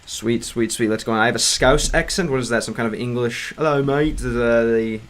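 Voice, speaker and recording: A man talks to his chat at a middling pitch in a loose, rambling stream-of-thought way. He restarts sentences often and leans on fillers. Every so often he sounds out words in slow, halting learner's Russian before going back to casual chat. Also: a bit bright, a little hiss or hum. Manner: clumsy Russian read aloud in a learner's voice. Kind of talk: casual livestream chat reading comments.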